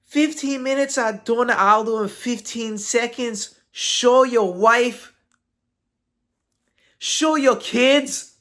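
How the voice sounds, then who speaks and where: A man's voice: very high-pitched, takes it slowly, a bit bright, voice pushed up, exaggerated voice. A man putting on the voice of a brash, mocking male fighter, reading a post aloud and laughing through the lines. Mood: taunting.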